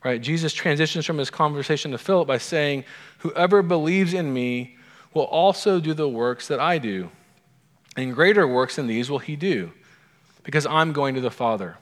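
A pastor with a rather high, animated voice preaches at a normal pace, keeping the sermon conversational and asking his listeners many questions. Long reverb from the hall trails his words.

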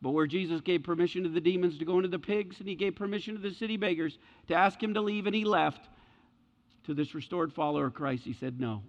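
A man's voice: high-pitched, fast. A male pastor preaching a sermon in an earnest, emphatic way, often checking in with his listeners. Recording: dull lo-fi sound with long hall reverb.

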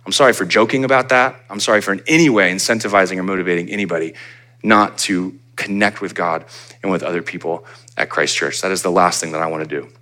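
A man preaching a sermon as pastor, conversational and animated, acting out little asides for his congregation. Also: low-pitched, quick pace. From United States.

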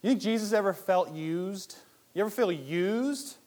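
A man preaching a sermon in a lively, conversational way, firing rhetorical questions and swinging between loud and hushed. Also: high-pitched, unhurried. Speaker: pastor.

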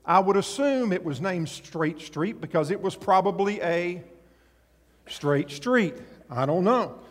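Lively pastor, male, high voice, dramatizing scripture; church hall echo. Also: unhurried. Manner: animated, acts out voices in scripture, rises and drops in volume. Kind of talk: sermon.

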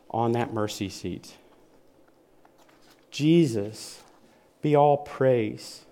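A man's voice: mid-range voice, dark tone. A man preaching a sermon in an earnest, vivid manner, often repeating phrases for weight.

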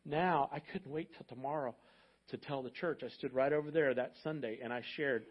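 A male pastor telling a story in a sermon, in a conversational way that moves between hushed and loud. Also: medium pitch, brisk, lo-fi sound. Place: church sanctuary.

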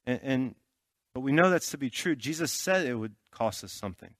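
With lively intonation and a brisk pace, a medium-pitched man preaches as a pastor, weaving his sermon around a personal story. He talks loosely, uses many fillers, and checks in with listeners often. The recording is studio quality with no room sound.

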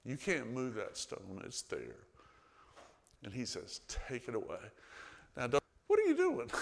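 Man preaching in a reverberant church. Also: on the high side. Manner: conversational storytelling, swings between loud emphasis and hushed asides. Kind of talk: sermon. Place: church sanctuary. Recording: long reverb of a church hall.

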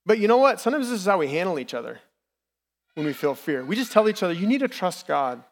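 A man's voice: sits high, sing-song, fast talker. A man in his thirties preaching a sermon in a candid, personal, conversational way as a lay preacher. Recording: long reverb from the hall.

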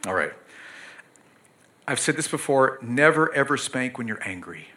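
Brief: middle-aged male pastor, sermon delivery, bright forceful tone, earnest and emphatic. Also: mid-range voice, very animated, normal speed. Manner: earnest, pleading, emphatic with sudden loud bursts.

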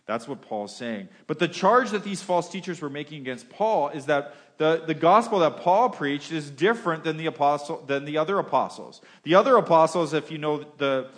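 A man preaching a sermon as a pastor, talking to his congregation in a conversational way, with frequent restarts and phrases that trail off quieter. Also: medium pitch.

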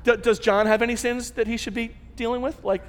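A man's voice: very high-pitched, steady tone, fairly quick, clean tone. A man voicing an insecure grown man who stammers out anxious questions to shift the blame, with a long hall reverb.

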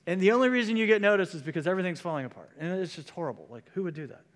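Pastor preaching in a reverberant hall. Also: male voice, sits high, expressive, rapid-fire. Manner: conversational preaching, shifts into quoted voices. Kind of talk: sermon.

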